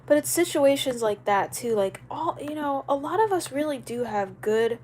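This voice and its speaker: Young woman yapping on a live stream, kinda high voice, loose and rambly, little bit of noise in the back. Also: moderate pace, low-quality recording. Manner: chatty, animated, loose and rambling. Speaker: livestreamer. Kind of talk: casual live-stream chat.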